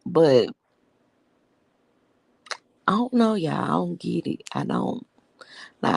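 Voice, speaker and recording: A woman's voice: low-pitched, creaky, a little mellow, husky, dry recording. A woman hosting a casual live stream, telling stories bluntly and with profanity as she greets viewers.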